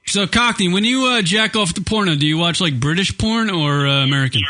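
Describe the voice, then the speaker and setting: A man hosting a talk radio show, opening loudly and teasing callers with mocking banter. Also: sits high, animated, fairly quick.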